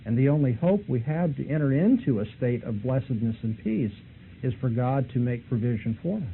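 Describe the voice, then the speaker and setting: A man's voice: mid-range voice, lively intonation, brisk, gravelly. A man lecturing and retelling a debate, pressing his points with rising intensity. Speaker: Christian apologist lecturer. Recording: tinny lo-fi recording, faint hiss.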